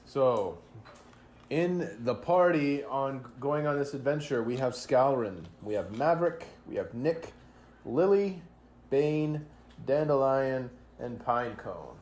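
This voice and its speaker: A man running a tabletop game as game master, narrating with many pauses and fillers. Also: medium pitch, lively intonation, a little mellow, a little hiss or hum. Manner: hesitant, filler-heavy narration.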